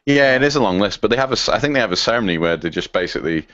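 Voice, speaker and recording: A man's voice: lowish voice, racing, dry recording, highs cut off. A man co-hosting a podcast in casual chat, laughing often and slipping into funny voices. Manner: laughing, lively, does funny impressions. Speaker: podcast co-host.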